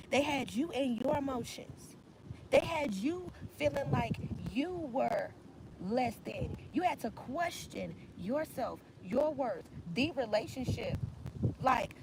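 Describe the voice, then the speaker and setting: Woman tarot reader, high bright voice, emphatic and slangy, noisy outdoor take with traffic. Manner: emphatic, slangy, repetitive affirmations. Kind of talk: casual tarot reading monologue. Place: outdoors in nature.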